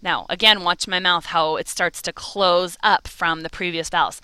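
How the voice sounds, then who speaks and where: A woman's voice: fairly low pitch, fairly even intonation, moderate pace, hardly any pauses, sharp tone, smooth, no echo. A woman teaching a Spanish lesson, encouraging and carefully over-articulating each vowel. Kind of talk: slow, clear language lesson.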